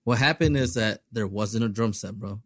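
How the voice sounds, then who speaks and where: A man's voice: on the low side, normal speed, fairly bright tone, dry recording, studio quality. Man telling a band story. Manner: mixes English and Spanish, swears freely, retells events. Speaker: band member. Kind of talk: casual storytelling chat.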